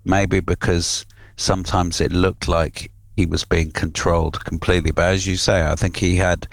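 A man's voice: low-pitched, level tone, normal speed, creaky, dry recording. A man co-hosting a radio chat show, opinionated, often stopping and restarting his sentences. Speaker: radio co-host.

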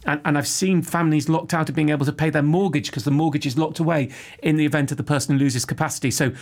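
A man's voice: fairly high pitch, steady tone, fast. A man hosting a podcast, answering a listener's money question in a chatty, joking way. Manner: chatty, jokey, explains at length. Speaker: podcast host. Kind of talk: casual podcast Q&A.

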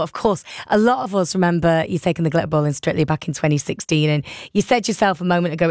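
A woman's voice: medium pitch, no room sound. An enthusiastic woman presenter interviews her guest and laughs easily. Her voice sits mid-range and sounds dry and close on the mic. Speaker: radio presenter.

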